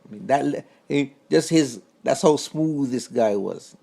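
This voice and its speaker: A man telling a personal story about his grandfather straight to camera, in a casual, halting way that repeats words. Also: medium pitch, gravelly, dark tone, husky. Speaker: vlogger.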